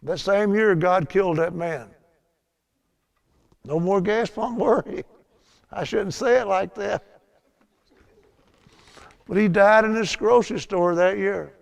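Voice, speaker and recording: A man's voice: high-pitched, takes it slowly, gravelly, pauses often. An older man teaching a Bible lesson in a chatty storytelling way, laughing at his own tales.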